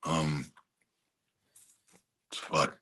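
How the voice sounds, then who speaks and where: A man's voice: very deep voice, flat delivery, very slow, pushed and bright. A man in his thirties, a fighter giving a casual interview, laid-back, laughing often and swearing casually. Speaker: fighter guest.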